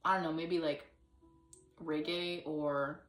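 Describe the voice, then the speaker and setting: A woman talks slowly and a little low, rambling through her thoughts with constant fillers and restarts. She sounds set back from the mic in a roomy, echoing space. Faint music plays underneath. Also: steady tone, far from the mic. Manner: rambling, hesitant, many fillers, sudden sung and acted bits. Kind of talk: casual solo vlog chat.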